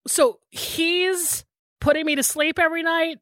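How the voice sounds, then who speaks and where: A woman's voice: very high voice, animated, a little slow, a bit bright, no echo, clean studio sound. A woman in her thirties co-hosting a podcast, telling a story in casual chat with lots of "like" and some swearing. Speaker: podcast co-host.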